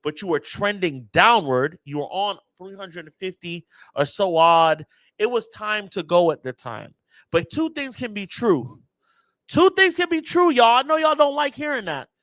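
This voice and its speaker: Fan-channel host: man, high pitch, dry room, emphatic and exasperated. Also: a bit bright, no echo. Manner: emphatic, exasperated, addresses viewers directly. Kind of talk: casual reaction rant.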